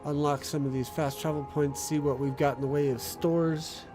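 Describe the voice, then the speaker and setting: A man casually commenting as he plays a game, in relaxed, offhand chatter. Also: on the high side, moderate pace, music in the background. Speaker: gameplay streamer.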